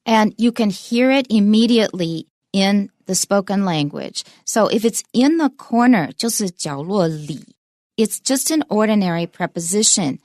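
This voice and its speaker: A woman teaching English pronunciation in a bilingual lesson, demonstrating stress with clear, emphatic example sentences. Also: medium pitch, normal speed, darkish tone, no room sound, studio quality.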